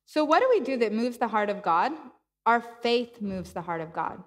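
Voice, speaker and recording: A woman's voice: a little high, very animated, normal speed, big-room sound. A woman preaching a sermon, telling a personal story with laughter and acted-out dialogue. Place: church.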